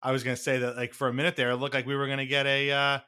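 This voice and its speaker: Podcast co-host, man, casual rambling delivery, bright tone. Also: mid-range voice, completely flat delivery, very fast, clear, resonant tone. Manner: rambling, restarts often, laughs between thoughts. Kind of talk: casual sports podcast chat.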